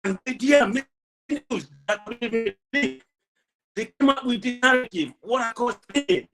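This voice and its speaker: A man with a Nigerian accent speaking as a caller on a live audio stream, ranting indignantly and swinging from low, calm talk to loud outbursts. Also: a little fast, faint music behind. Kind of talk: impassioned live audio commentary.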